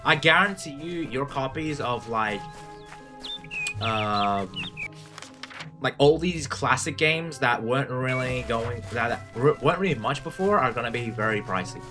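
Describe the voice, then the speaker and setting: A young Australian man talks to his stream chat as he plays, rambling and swearing freely, his pitch jumping up whenever he gets worked up. Game music plays clearly behind his voice. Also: unhurried. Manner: rambling, profane, excitable, chatting to viewers while playing. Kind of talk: casual live-stream chat.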